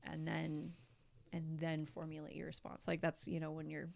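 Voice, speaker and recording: A woman co-hosting a casual podcast chat, talking in an animated, chatty way and acting out what people say. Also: deep voice, moderate pace, creaky. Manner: chatty, animated, acts out quoted voices. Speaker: podcast co-host.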